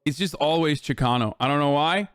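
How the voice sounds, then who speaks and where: A man streams loose, animated commentary, his voice sitting high for a man. He swears freely and keeps the jokes coming, while soft music plays faintly behind him. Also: fairly quick, smooth, no room sound. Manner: profane, joking and animated. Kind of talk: casual commentary.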